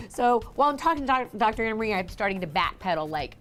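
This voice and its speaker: A woman who hosts a TV show and runs restaurants, telling her story to camera in a chatty, animated way on a lapel mic. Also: mid-range voice, fast talker, few pauses, faint music behind. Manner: chatty and animated, acts out dialogue with a raised voice. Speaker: TV host and restaurant owner. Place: on a filming set with a camera crew.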